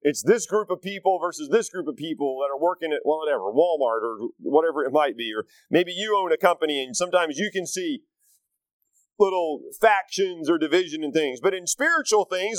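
A man's voice: fairly high pitch, lively intonation, a little fast, dry recording, poor audio. A middle-aged man, preaching a conversational sermon with folksy asides to the congregation. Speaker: pastor.

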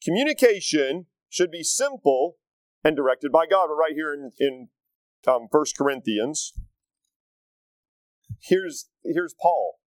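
A man's voice: fairly high pitch, lively intonation, takes it slowly, long pauses, no echo, poor audio. Folksy preacher man. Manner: conversational, folksy preaching with asides to the congregation. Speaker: pastor. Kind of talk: sermon.

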